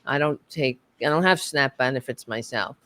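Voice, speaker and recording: A woman's voice: extremely low pitch, normal speed, pushed and bright. An American woman on a podcast panel, talking in an impassioned, profane way with many restarts. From United States. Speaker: book club panelist. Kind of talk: podcast discussion.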